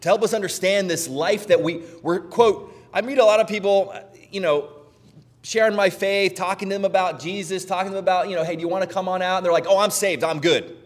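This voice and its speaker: A middle-aged man preaching a sermon as pastor, conversational and animated, often checking in with "right?". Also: high voice, fast talker, in a large hall.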